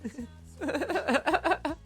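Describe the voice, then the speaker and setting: A man's voice: extremely high pitch, lively intonation, extremely slow, a bit bright. A male streamer in casual live-stream chat, rambling and joking with many fillers and restarts. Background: faint music.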